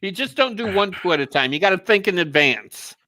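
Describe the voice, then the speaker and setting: Crude, joking man with a bright voice. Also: high-pitched, lively intonation, fairly quick, dry recording. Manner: blunt, profane, joking. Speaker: co-host. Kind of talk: crude casual chat.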